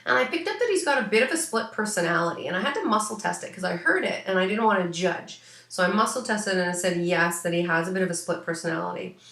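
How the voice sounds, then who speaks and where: A woman's voice: lowish voice, expressive, fast talker, gravelly, few pauses, fairly bright tone, roomy sound. A woman working as an animal psychic, giving a rambling, casual reading full of fillers. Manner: rambling, many fillers, chatty. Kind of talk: casual spoken reading for a client.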